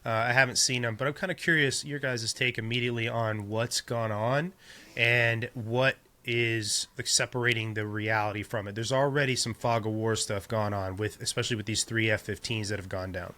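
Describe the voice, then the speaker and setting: Male podcast host, bright edge to the voice, dry sarcastic delivery. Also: medium pitch, fairly even intonation, moderate pace. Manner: wry, sarcastic asides. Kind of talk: casual chat.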